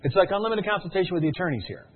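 An energetic man pitches a service and tells stories at a rapid clip, often checking whether his listeners are following. His voice is slightly husky and sits a little high for a man. The sound is thin and narrow, like a phone line. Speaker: sales presenter. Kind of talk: sales pitch with storytelling.

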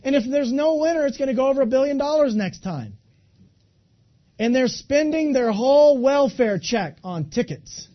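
A man in his twenties giving an animated, folksy motivational talk, speaking directly to a live audience. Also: very high voice, normal speed, dull audio. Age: 20s.

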